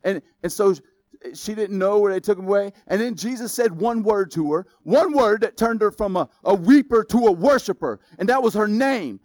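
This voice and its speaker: A man preaching a sermon as pastor, in a casual, conversational way that builds up to loud exclamations. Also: high-pitched, animated, normal speed, no echo.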